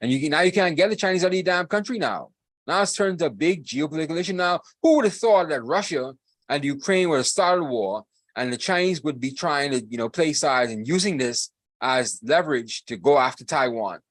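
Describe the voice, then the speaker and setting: A man's voice: a little high, lively intonation, fairly quick, no room sound. A man co-hosting a podcast, ranting emphatically and repeating himself in casual political talk. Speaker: podcast co-host.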